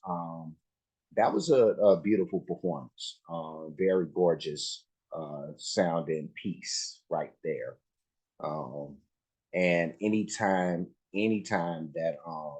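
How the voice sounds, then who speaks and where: A man's voice: sits low, a little mellow, low-quality recording. A man casually reacting to a live music video, talking in a laid-back way with lots of fillers and restarts.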